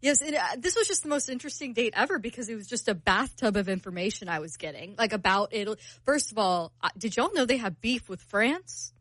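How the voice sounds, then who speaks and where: A woman's voice: on the high side, animated, quick pace, hardly any pauses, fairly bright tone, no echo. A woman co-hosting a show, chatting and telling a story. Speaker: radio show co-host. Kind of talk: casual chat.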